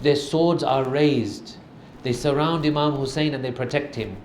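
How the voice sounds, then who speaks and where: A man's voice: mid-range voice, measured pace, a little mellow, a little hiss or hum. A man preaching an emotional mourning sermon, telling the story with dramatic, grieving intensity. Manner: dramatic storytelling, voice swelling with grief. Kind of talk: emotional majlis sermon narration. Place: mosque hall. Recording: echoey hall with faint ambience.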